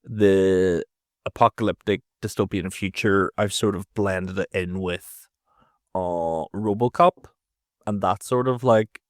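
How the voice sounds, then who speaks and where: A man's voice: low voice, slow pace, no echo, studio quality. A Northern Irish man co-hosting a movie podcast, hesitant with plenty of ums and laughter. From Northern Ireland. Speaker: podcast co-host. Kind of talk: casual movie review chat.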